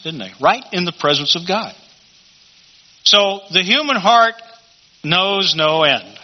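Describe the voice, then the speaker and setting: A man teaching a Bible study in a conversational sermon style, often asking rhetorical questions. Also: fairly high pitch. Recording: dull lo-fi recording.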